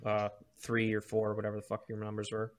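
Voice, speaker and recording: A man's voice: fairly low pitch, completely flat delivery, brisk. A man narrating as game master of a tabletop game, explaining rules with frequent restarts.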